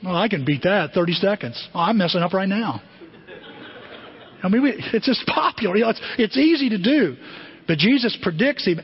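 Animated pastor preaching in a reverberant hall. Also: male voice, sits high, brisk, breathy edge. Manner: animated, conversational, asks the congregation questions. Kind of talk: sermon. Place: church sanctuary. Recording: dull, muffled sermon recording with long hall reverb.

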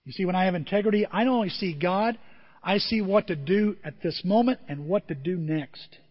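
High-voiced preacher in a reverberant hall. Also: male voice, brisk, slightly rough. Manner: animated storytelling with asides to the congregation. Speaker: pastor. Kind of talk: sermon. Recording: dull sound with long hall reverb.

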